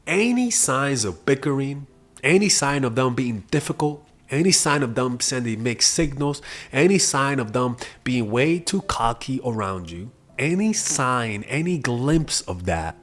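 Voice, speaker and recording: A young man talking casually as a dating coach, profane and lively, laughing at his own stories. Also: mid-range voice, unhurried. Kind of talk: casual monologue.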